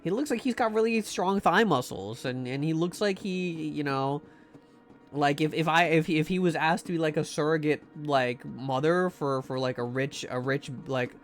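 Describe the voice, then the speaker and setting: A man's voice: on the high side, normal speed, soft background music. A young man streaming a horror game, chatting to his viewers in a rambling, jokey way with many restarts and asides. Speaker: livestreamer playing a horror game. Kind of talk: casual gameplay commentary to chat.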